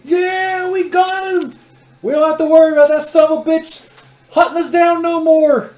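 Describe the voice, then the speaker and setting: A man voicing a crude, loud figure who yells and whoops in triumph. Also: very high voice, fairly even intonation, moderate pace, voice pushed up. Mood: gloating. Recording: echoey room with loud noise.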